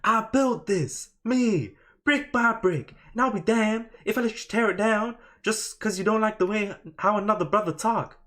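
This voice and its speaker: A proud, defiant American dude with a put-on American accent, talking way higher, louder and slower than his own voice, preachy and drawling, heard a bit off-mic. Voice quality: high, loud and drawling.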